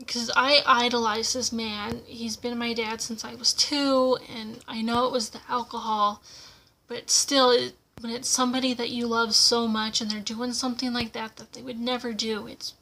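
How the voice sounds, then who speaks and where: A young woman speaks straight into her camera at home, relating a personal story in a loose, conversational way. Her voice sits a little high and sounds bright and forward, and she drops in plenty of fillers and acted-out quotes. A faint background hiss runs under the built-in mic. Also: little pitch movement, moderate pace. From United States. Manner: casual, with frequent filler words and acted-out quotes. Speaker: vlogger.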